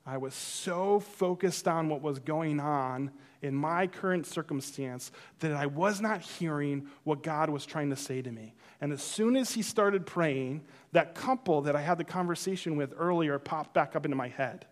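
A man's voice: fairly high pitch, normal speed, few pauses. A man preaching a sermon, telling a personal story and acting out his own reactions. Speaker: pastor.

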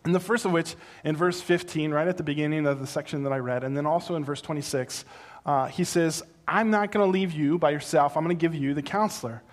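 Middle-aged pastor guy preaching, kinda high voice, gets loud and animated then drops soft and earnest. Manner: animated storytelling that builds to loud, high exclamations; slow, soft and earnest when teaching. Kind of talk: sermon.

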